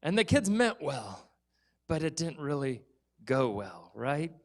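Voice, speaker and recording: A man's voice: fairly high pitch, slow. Man telling a children's story in church. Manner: animated storytelling with character voices.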